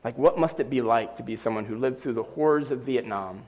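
A middle-aged man preaching a sermon, telling a personal story with lively, animated delivery. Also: mid-range voice, brisk. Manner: animated storyteller acting out scenes. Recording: long reverb of a large hall.

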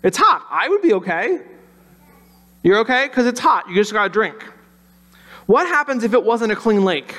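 A pastor with a notably high voice gives a children's sermon. He talks in a conversational way and keeps turning to the kids with questions. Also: sing-song, normal speed, pauses often, bright, forceful tone.

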